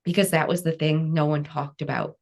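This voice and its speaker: A woman with a low, gravelly voice speaks candidly as a podcast guest. She tells her own story plainly, acting out what she once said and scattering "like" through her sentences. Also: steady tone, fairly quick. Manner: frank, quotes her past self, many "like" fillers. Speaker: guest, cancer coach.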